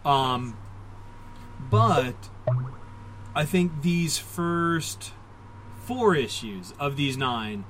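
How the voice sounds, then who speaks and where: A man's voice: a little high, expressive, extremely slow, long pauses, a bit bright, a little hiss or hum, low-quality recording. A man co-hosting a casual podcast, rambling and self-deprecating, with many fillers and restarts. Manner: rambling, self-deprecating, puts on mock voices. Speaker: podcast co-host. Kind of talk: casual comic book discussion.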